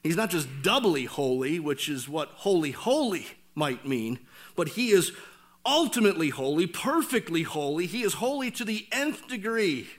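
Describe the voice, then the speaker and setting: A man preaching a sermon, swinging from loud emphatic lines down to hushed near-whispers. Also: fairly high pitch, very animated. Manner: deliberate, with slowed emphatic phrases. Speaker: pastor.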